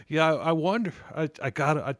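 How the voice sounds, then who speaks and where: A man's voice: a little high, moderate pace, a bit bright, no room sound, studio quality. A man hosting a podcast in casual chat, rambling with frequent restarts and laughing often. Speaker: podcast host.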